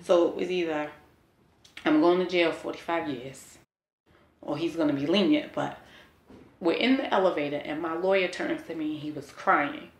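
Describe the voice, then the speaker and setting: A woman's voice: sits low, fairly even intonation, normal speed, roomy sound. A woman in her forties telling a personal testimony in a candid, earnest way, full of "you know" and "like". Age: 40s. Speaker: interviewee sharing a personal testimony. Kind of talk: emotional personal storytelling.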